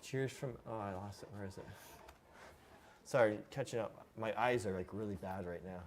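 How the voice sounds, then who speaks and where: A man's voice: fairly low pitch, normal speed. A man in his thirties hosts a casual live stream, answering viewer questions in a loose, rambling way. A faint background hiss sits under his voice. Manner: relaxed, rambling, reads viewer questions aloud. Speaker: host.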